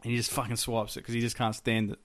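A man co-hosting a podcast, talking in an animated, casual way and swearing freely as he acts out scenes. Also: mid-range voice, quick pace. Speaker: podcast co-host. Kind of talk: casual chat.

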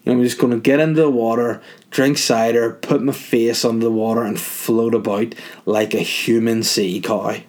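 A man's voice: mid-range voice, fairly even intonation, moderate pace, few pauses, darkish tone. Man, middle-aged, crude rambling podcast monologue, self-mocking. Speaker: podcast host. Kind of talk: casual comedic monologue.

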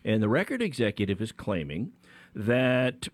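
A man's voice: fairly low pitch, big pitch swings, normal speed, no room sound. A man co-hosting a radio talk show as an attorney, explaining a legal case in a conversational way with frequent restarts. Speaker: attorney co-host.

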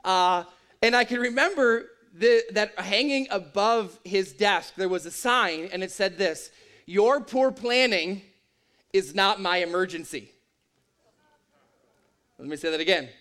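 A man's voice: sits high, sharp tone, clear, resonant tone. A man preaching a sermon in a conversational, joking and emphatic way. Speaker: pastor.

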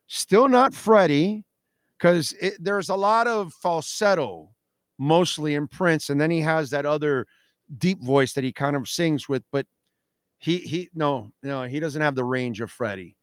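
This man's voice is a little high, clear, and resonant, and he speaks unhurriedly from a radio studio, with studio-quality sound and no echo. Casual and opinionated, he emphatically repeats "no, no, no" and responds to what listeners write in.

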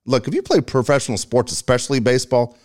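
A man's voice: medium pitch, expressive, fast talker, darkish tone. A man co-hosting a sports talk show, making his point emphatically. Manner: emphatic, argumentative, exclaiming. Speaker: sports radio co-host.

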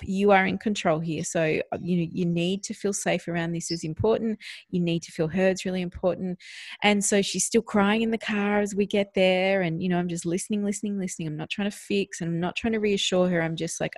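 A middle-aged woman co-hosting a parenting podcast, telling a family story in a gentle, conversational way and lifting her voice to act out her child. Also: lowish voice, fairly even intonation, a little fast, no room sound. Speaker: podcast co-host.

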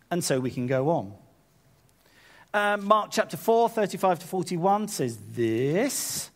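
A man preaching a sermon, acting out the voices in the scripture he reads with sudden high bursts. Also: lively intonation, moderate pace, darkish tone.

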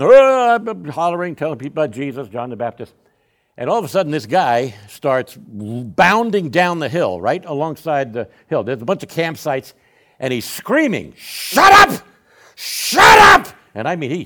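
A man, telling a folksy personal testimony to a Sunday school class. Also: medium pitch. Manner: folksy, animated storyteller with frequent restarts. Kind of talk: storytelling testimony in a church class.

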